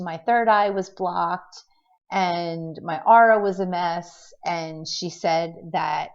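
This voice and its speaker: A middle-aged woman telling a personal story in a casual vlog, rambling with restarts and fillers and acting out what people said. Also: on the low side. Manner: tends to act out quotes in a lively way. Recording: dull lo-fi recording.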